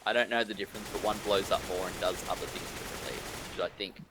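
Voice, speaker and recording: A man casting a live esports match, excitable and teasing his co-hosts. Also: sits low, fast talker, noisy background. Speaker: esports caster. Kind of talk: live game commentary.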